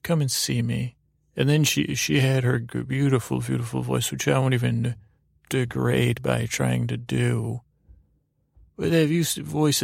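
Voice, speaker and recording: A man's voice: mid-range voice, gravelly, no echo. A man hosting a sleep story, telling a dream in a meandering way with many fillers and restarts, close to the mic. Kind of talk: rambling bedtime storytelling.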